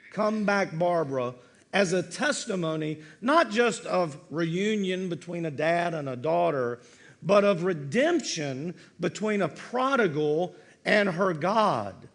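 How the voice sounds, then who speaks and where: Male pastor, measured sermon delivery, higher-pitched, gentle falling endings. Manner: slow, earnest preaching with soft, dropping line endings.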